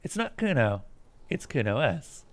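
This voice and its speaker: Man quietly reading a game's text aloud. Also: mid-range voice, very animated, a little slow. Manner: reads narration quietly, with casual asides. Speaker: streamer. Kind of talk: let's play, reading game text aloud.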